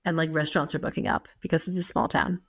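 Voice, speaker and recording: A woman's voice: sits low, steady tone, fast, vocal fry, a bit bright, slightly rough. An American woman in her thirties co-hosting a podcast, chatting casually with many fillers and frequent laughs. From United States. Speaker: podcast co-host. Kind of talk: casual chat.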